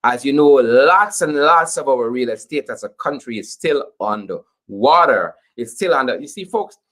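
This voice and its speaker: A young Guyanese man with a Guyanese accent, hosting a political commentary show in an animated, joking way and repeating phrases for emphasis. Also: mid-range voice, moderate pace. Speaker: host.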